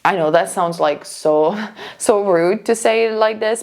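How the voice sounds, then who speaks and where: A woman psychic talks through a pick-a-card tarot reading in a casual, chatty way. She rambles and restarts her sentences, then leans hard on her points, and her voice sits at a middle pitch. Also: slow. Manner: chatty, rambling, emphatic, with many fillers and restarts.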